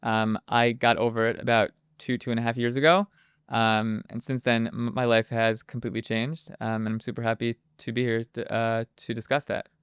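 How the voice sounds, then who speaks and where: A man's voice: mid-range voice, little pitch movement, moderate pace, clear, resonant tone, dry recording, clean studio sound. A man speaking as an interview guest, hesitant and full of fillers and restarts. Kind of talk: casual interview talk. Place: moved to Israel as an adult.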